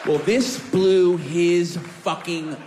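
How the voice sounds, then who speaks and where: A man telling a comic story on a podcast in an animated, profane, self-mocking way. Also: high voice, very slow, big-room sound, crowd noise, noisy background.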